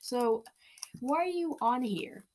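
Woman hosting a silly quiz show, slow and unhurried, goofs around doing all the parts. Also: fairly high pitch, expressive, slight background noise. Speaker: host of a mock quiz show. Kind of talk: comedic sketch, one person playing all contestants.

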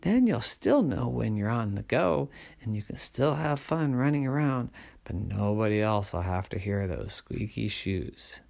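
A man's voice: on the low side, lively intonation, measured pace, creaky, a little mellow. A man voicing a teasing know-it-all little brother, in a whispered role-play. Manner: teasing, advice-giving.

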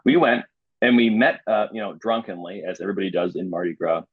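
A young man from Illinois talks as a podcast guest, husky and a little low. He tells his story with animation, in casual chat. The recording is slightly muffled and dry. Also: fast talker, no room sound. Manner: animated, acts out quoted voices.

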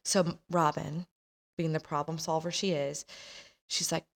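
A woman's voice: low-pitched, flat delivery, unhurried, creaky. A woman in her thirties casually telling a personal story as a podcast host, chatty and laughing, acting out the voices of family members.

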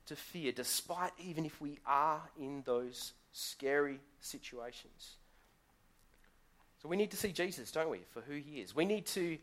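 Man giving a relaxed sermon. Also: a little high. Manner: conversational storytelling with rhetorical questions. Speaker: guest pastor. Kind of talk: live sermon. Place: church.

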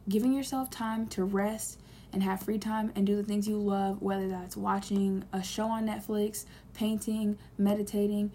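A woman's voice: mid-range voice, vocal fry, dark tone, slight background noise. A young woman giving an earnest, rambling, heartfelt self-help monologue.

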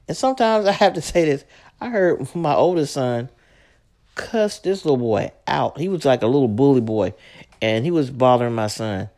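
A middle-aged woman from Brooklyn with a fairly low voice that swings widely in pitch as she talks. She tells family stories in an animated, blunt way and swears without holding back. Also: brisk. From Brooklyn, New York. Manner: animated, frank, swears freely. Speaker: mother being interviewed. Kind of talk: casual storytelling.

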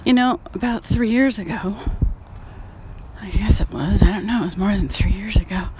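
In this casual vlog, a woman who paints talks candidly on an outdoor walk, a bit out of breath, letting out sighs and the odd careless swear. Her pitch is mid-range, her pace moderate, and heavy background noise fills the recording.

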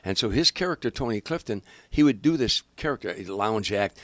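This older comedian, a guest, speaks fast with few pauses in a medium-pitched voice, recorded without echo. His casual anecdotes about show business are animated, with acted-out voices and frequent restarts.

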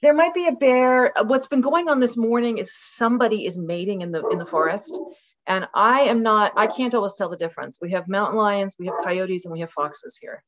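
A woman's voice: mid-range voice, a little fast, lo-fi sound, slight background noise. A woman in her sixties, a podcast guest on a video call, talking passionately and acting out quotes as she tells stories. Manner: passionate, animated storytelling with dramatic acted-out quotes. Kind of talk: casual conversational interview. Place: rural home with dogs.

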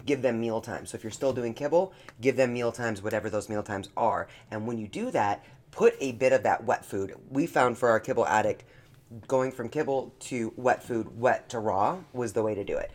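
A podcast co-host in casual chat, playful and animated, teasing their partner. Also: mid-range voice, normal speed.

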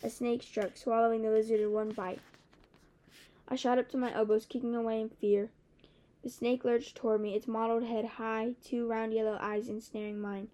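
Woman narrating a fantasy book, kinda high, warm mellow tone, steady. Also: brisk. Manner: steady, even storytelling. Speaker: audiobook narrator. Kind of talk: first-person fantasy novel narration.

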